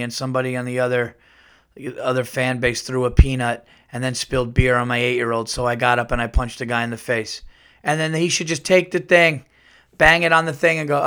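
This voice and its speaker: A middle-aged man hosting his own podcast, talking casually in a profane, rambling, animated way. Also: medium pitch, normal speed, smooth. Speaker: podcast host. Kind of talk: casual solo podcast monologue.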